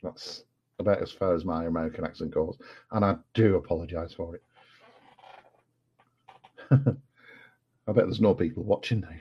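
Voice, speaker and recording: A man's voice: deep voice, moderate pace, long pauses, warm tone, husky. A man with an English accent chatting casually on a late-night livestream, rambling and apologetic with many fillers. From England. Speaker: guest. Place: home at night. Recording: dull lo-fi home recording.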